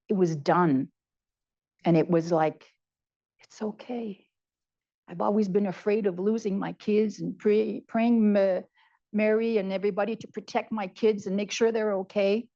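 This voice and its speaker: Older woman, 70s, gravelly dark voice, heartfelt personal testimony, slightly muffled sound. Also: medium pitch. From Canada. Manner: heartfelt, repeats words for emphasis. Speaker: conference speaker.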